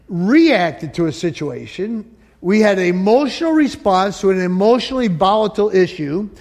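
A man preaching a sermon as pastor, swinging from loud emphatic peaks to soft asides. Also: high-pitched. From northern United States.

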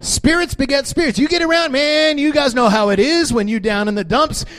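A man preaching a sermon, swinging from quiet talk to shouting. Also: very high-pitched, a little fast. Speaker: pastor.

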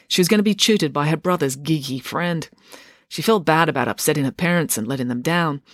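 A woman author narrating a chapter of her own book in a wry, steady storytelling manner. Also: low-pitched, dry recording, studio quality. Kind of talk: audiobook narration.

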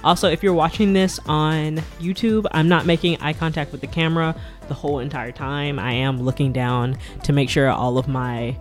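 A woman hosting a casual solo podcast, talking very fast and breaking into awkward little giggles. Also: deep voice, fairly even intonation, faint music behind. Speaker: podcast host, flight attendant. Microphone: podcast mic at a laptop setup.

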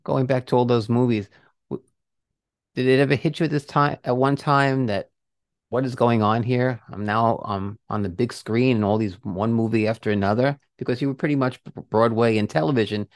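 A man's voice: medium pitch, normal speed, no echo, studio quality. A man hosting a podcast interview, asking rambling questions with restarts and heartfelt praise. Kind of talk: casual interview.

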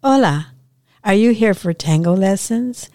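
A woman voicing a chatty, soft-spoken young female dance instructor who rambles and apologizes. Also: medium pitch, measured pace, no echo, studio quality, voice pushed up, natural voice. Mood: friendly.

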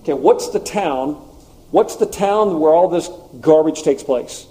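A man preaching a sermon and teaching through a text, conversational with animated asides. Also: fairly high pitch, unhurried. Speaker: pastor.

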